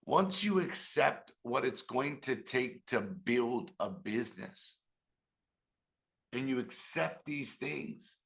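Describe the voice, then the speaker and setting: A middle-aged man giving an animated motivational business talk on a video call, telling stories and speaking to the audience directly. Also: medium pitch, takes it slowly, vocal fry. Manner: animated storytelling with audience asides. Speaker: business trainer.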